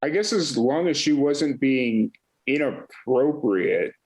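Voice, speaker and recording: A man's voice: medium pitch, animated, slow, darkish tone, poor audio. Easygoing male interview host. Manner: brief affirming backchannels. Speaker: podcast host. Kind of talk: casual interview chat.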